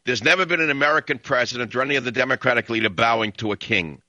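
A man's voice: mid-range voice, rapid-fire, pushed and bright, no room sound. A man hosting a talk radio show, ranting and sarcastic as he cuts in on callers. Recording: dull lo-fi broadcast audio.

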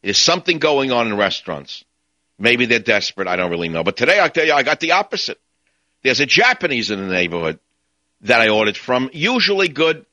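A man's voice: mid-range voice, very animated, a little fast, pushed and bright, dry recording. A man hosting a talk radio show, ranting and sarcastic in his monologue.

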